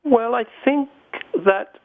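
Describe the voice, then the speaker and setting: A man's voice: very high-pitched, takes it slowly, creaky. A middle-aged man from the Falkland Islands, a guest on a phone-in interview, chatting with lots of fillers and restarts. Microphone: telephone. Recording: tinny phone line.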